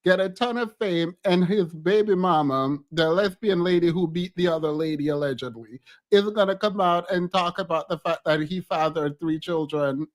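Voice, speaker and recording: Guy w a pretty high voice reacting to a show on stream, laughs a lot, voice jumps way up when he's shocked. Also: moderate pace. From outside the US. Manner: animated, laughs often, jumps in pitch when exclaiming. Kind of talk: casual reaction commentary.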